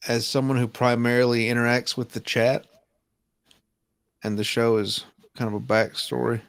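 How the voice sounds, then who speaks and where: A man's voice: mid-range voice, level tone, normal speed, clean tone, no room sound. Rambling, self-interrupting male co-host. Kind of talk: casual livestream chat.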